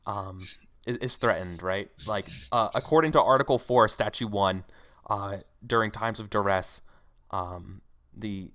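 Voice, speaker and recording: Guy putting on a cold lady governor, dead monotone, kinda low, clean voice, tabletop game. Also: clean tone. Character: cold woman governor, indifferent, lying.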